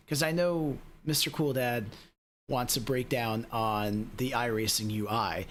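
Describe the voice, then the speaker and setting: A man's voice: medium pitch, fairly bright tone, a little hiss or hum. A man streaming sim racing, chatting casually and rambling to his viewers with lots of fillers. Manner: rambling, talks straight to chat with lots of fillers. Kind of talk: casual live-stream chat.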